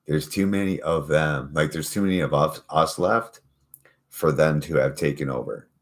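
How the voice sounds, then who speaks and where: A vlogger with a low, deep voice rants to his camera at a moderate pace, loose and unscripted. He rambles, swears freely, and mocks the people he talks about.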